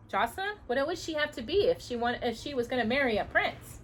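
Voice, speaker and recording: A woman reading a storybook aloud to her child in an expressive way, pausing to ask her questions. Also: high-pitched.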